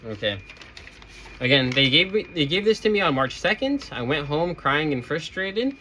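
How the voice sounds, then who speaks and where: Man, retail worker, casual storytelling, sarcastic, rambling, bright tone, faint background noise. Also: a little high, big pitch swings, normal speed.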